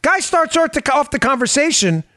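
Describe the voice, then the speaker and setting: Animated sarcastic male talk show host. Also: very high voice, moderate pace, dry recording, clean studio sound. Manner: animated, emphatic, sarcastic, laughs often. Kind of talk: political talk show commentary.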